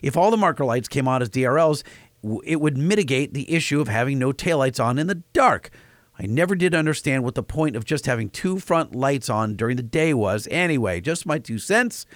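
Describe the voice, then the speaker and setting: Male podcast co-host, casual and halting, lively pitch, dry close recording. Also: dry recording. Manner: halting, many fillers and restarts. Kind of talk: casual chat, reading listener emails.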